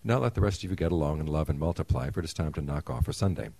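A man's voice: very deep voice, rapid-fire, vocal fry, a little mellow, no room sound, full character voice. A man reading aloud as a shy, kindly creator god who speaks as "we", in a solemn, formal storybook manner. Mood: proclaiming.

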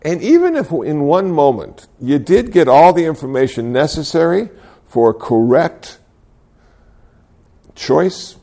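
An older man with a gravelly, creaky voice gives an unhurried dharma talk. He tells his stories with gentle, self-deprecating humor and speaks reflectively. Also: fairly high pitch, sing-song. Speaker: Buddhist speaker.

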